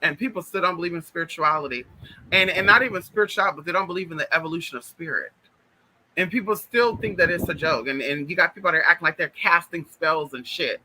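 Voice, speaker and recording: A man telling spiritual stories in an animated, chatty way, talking straight to his listeners. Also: a little high, fast talker, poor audio. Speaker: spiritual vlogger. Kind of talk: casual spiritual storytelling.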